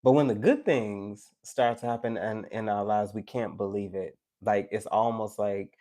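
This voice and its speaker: A man's voice: mid-range voice, normal speed, few pauses. A man giving a tarot live stream, talking casually and animatedly to his chat, preachy and joking. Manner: animated, preachy and joking, with teasing asides to viewers.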